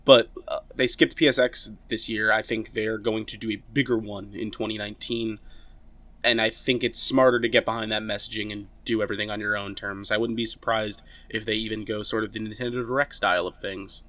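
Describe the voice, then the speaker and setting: A man who writes about games, speaking as a podcast guest. His voice is low but bright and forward. He delivers dry, deadpan sarcasm in a relaxed chat. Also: fairly quick. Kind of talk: casual chat.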